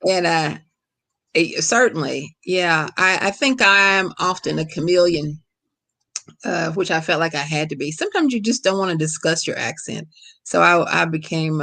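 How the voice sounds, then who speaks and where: A middle-aged woman from Kentucky with a Kentucky accent, an author answering questions over a video call in a relaxed, storytelling way. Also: low-pitched, measured pace, gravelly. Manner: relaxed, storytelling, laughs easily. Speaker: guest author. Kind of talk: casual lecture Q&A.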